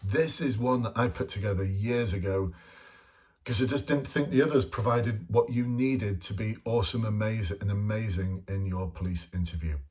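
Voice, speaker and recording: Casual blunt guy with a lower voice, chatty coach, swears a bit. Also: moderate pace, darkish tone. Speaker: police interview coach. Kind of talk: casual spoken lesson to camera.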